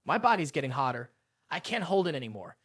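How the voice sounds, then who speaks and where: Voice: mid-range voice, very animated, fast talker, a bit bright, husky, dry recording, studio quality, pitched below the performer's own voice. A narrator voicing an arrogant young male executive who snaps at people and panics easily. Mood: panicked. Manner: snappish, flustered.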